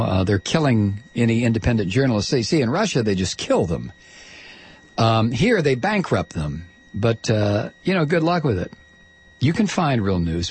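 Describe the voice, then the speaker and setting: Husky, heated talk radio host. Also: male voice, mid-range voice. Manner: heated, ranting, stammering restarts. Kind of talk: political talk radio monologue.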